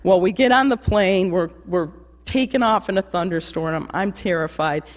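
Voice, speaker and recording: A woman's voice: fairly low pitch, moderate pace. Woman telling laughing stories in a church. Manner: anecdotal, laughing, mimics voices. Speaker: eulogy speaker. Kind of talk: memorial remembrance. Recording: long church reverb.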